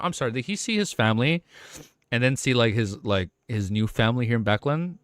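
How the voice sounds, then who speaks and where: Male streamer, mid-pitched, voice a bit worn, reading a book aloud with stumbles and emotional asides, dry close sound. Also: animated, fairly quick, no echo. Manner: stumbles and rereads lines, emotional, swears casually. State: voice getting worn. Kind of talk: reading a novel aloud on a livestream, with reactions.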